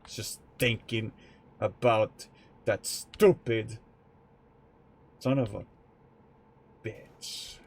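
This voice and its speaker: Slow-talking young male streamer, candid and rambling. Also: lowish voice, fairly even intonation, husky. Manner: rambling, candid, swears freely, muses aloud to chat. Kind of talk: casual live-stream chat while playing a truck game.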